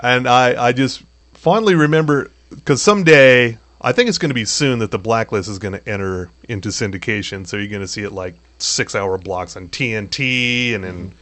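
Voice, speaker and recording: A man's voice: mid-range voice, moderate pace, fairly bright tone. A man hosting a casual podcast chat about television, joking and steering the talk with questions. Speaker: podcast host.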